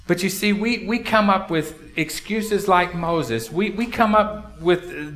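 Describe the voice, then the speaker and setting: The pastor speaking here has a fairly bright voice that sits high, moving at a measured pace with few pauses. He talks to the congregation conversationally during his sermon, posing rhetorical questions, and the sanctuary's acoustics are echoey.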